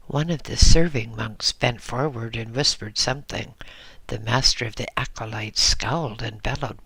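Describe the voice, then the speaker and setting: A man giving a measured, unhurried first-person audiobook narration. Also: mid-range voice, sharp tone, breathy edge, no echo. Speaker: audiobook reader.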